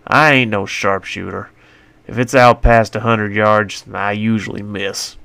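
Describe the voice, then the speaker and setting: A man's voice: fairly low pitch, fairly even intonation, measured pace, creaky, sharp tone, smooth, no echo. A man narrating his own western story in a folksy, colloquial first-person voice on a close mic.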